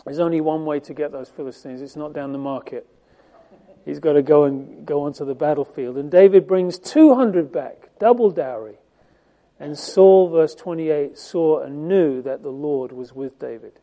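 Man preaching with a very dark tone. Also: a little high, moderate pace. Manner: conversational, emphatic, with frequent fillers and restarts. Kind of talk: sermon, Bible teaching.

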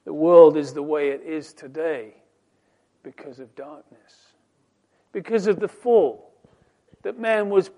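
Slow, high-voiced male preacher. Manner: swings from soft murmurs to loud emphatic rising lines; slow, deliberate delivery with scripture quotes. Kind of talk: sermon.

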